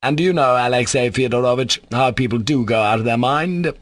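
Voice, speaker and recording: A man voicing a bitter, sardonic young man in an audiobook, sharp and contemptuous in tone. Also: mid-range voice, a little fast, no room sound, voice pushed up, natural voice. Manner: sharp, contemptuous, scornful delivery. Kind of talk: audiobook character voice.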